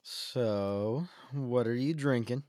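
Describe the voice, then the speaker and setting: A man's voice: medium pitch, slow pace, warm tone, dry recording, clean studio sound. A young man from the Central Coast of California, co-hosting a podcast in casual, self-deprecating, joking chat. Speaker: podcast co-host.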